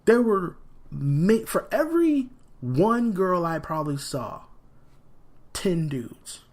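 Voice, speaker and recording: A man hosting a solo podcast in a rambling, animated way, sniffling from a cold. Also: high voice, slow pace. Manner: rambling and animated, frequent fillers. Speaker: podcast host. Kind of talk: casual solo podcast talk.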